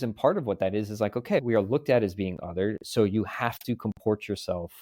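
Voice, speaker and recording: A man in his thirties with a fairly low voice tells stories at length in a podcast chat. His talk is discursive and animated. The sound is close and dry, with no room echo. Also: fairly quick, hardly any pauses. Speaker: podcast guest, musician. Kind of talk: casual conversational interview.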